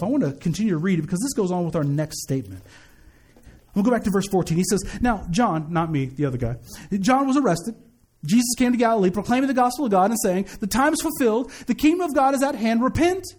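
A man's voice: sits high, darkish tone, husky. A man in his thirties preaching a sermon, mixing casual jokes and family stories with emphatic declarations. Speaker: pastor.

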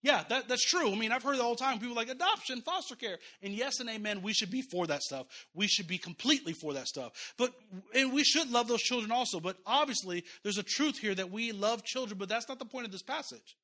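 A man with a high, bright voice preaches a sermon in a church. He talks to the congregation conversationally, chuckling now and then and repeating his key phrases. His tone has a forceful, sharp edge. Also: expressive, quick pace. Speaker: pastor.

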